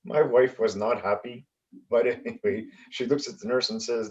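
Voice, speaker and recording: A man from Canada doing a stand-up comedy set over a video call, with a halting delivery full of fillers. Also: medium pitch, steady tone, muffled recording.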